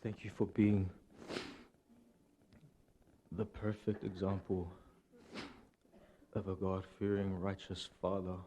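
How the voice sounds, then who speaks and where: A nervous man giving a funeral eulogy for his grandfather in a church, halting and repeating words. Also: low-pitched, little pitch movement, warm tone, a little hiss or hum.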